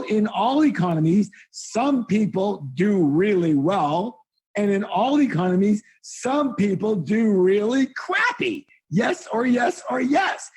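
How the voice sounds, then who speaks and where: A man giving a live motivational seminar talk, blunt and emphatic, firing rhetorical questions at the audience and often bursting into loud exclamations. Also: high voice, breathy edge.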